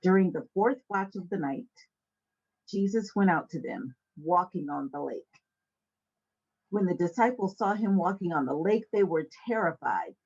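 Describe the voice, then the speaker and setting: Lively husky-voiced woman telling a story. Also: fairly low pitch, normal speed, dull audio. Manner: animated, acts out quoted voices, laughs often. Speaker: Bible study podcast host. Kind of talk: casual storytelling Bible study. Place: indoor set with a fireplace backdrop.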